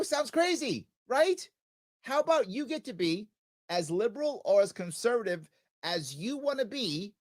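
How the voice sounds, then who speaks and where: A man hosting a talk radio show, arguing his point in an animated, sarcastic monologue. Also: high-pitched, no room sound, clean studio sound. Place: radio studio.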